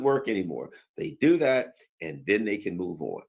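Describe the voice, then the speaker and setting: A man delivering an off-the-cuff political commentary in a somewhat low voice. He talks loosely and colloquially, with plenty of fillers, and keeps breaking into sarcastic mock voices. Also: sing-song, moderate pace, hardly any pauses. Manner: sarcastic, acts out mocking voices; colloquial, many fillers and asides.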